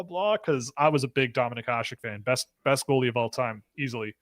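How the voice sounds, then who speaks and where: A man's voice: medium pitch, brisk, few pauses, a bit bright, no room sound. Joking British man hosting a live chat. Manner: joking, laughs often, reads chat questions aloud. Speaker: podcast host. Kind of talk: casual live-stream chat.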